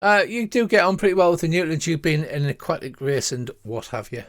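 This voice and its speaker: A man's voice: on the high side, expressive, fairly quick. An older man narrating as game master, hesitant, with many fillers.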